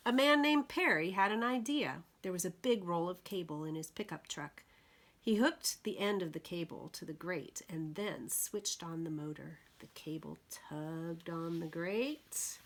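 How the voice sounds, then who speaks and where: A woman librarian reading a picture book aloud to preschoolers, slow and expressive, pausing to ask the children questions. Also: fairly low pitch.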